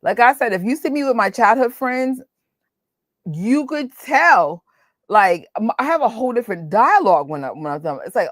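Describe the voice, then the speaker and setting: A woman in her forties with a New York accent, hosting a casual chat, animated and laughing often. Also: on the high side, no echo. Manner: animated, laughs often, talks in quick bursts. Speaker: host.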